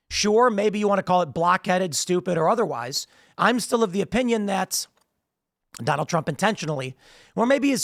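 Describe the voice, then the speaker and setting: A man's voice: high voice, fairly bright tone, dry recording, studio quality. A man hosting a political commentary show, talking emphatically while losing his voice, often repeating words as he starts sentences. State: losing his voice, strained throat. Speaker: show host.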